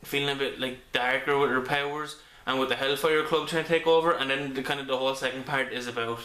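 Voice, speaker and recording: A man talks through a comic book review in a casual, rambling way, stopping often to restart his sentences. His voice is bright and forward. It is picked up on a camera mic in an echoey room at home. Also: medium pitch, fairly even intonation, fast. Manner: rambling with many ums and restarts.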